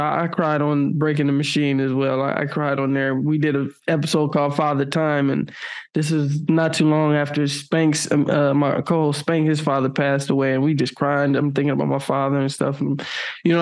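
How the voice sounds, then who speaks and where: A young adult man hosting a podcast, talking in an earnest, heartfelt and emotional way during a casual interview chat. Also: on the high side. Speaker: podcast host.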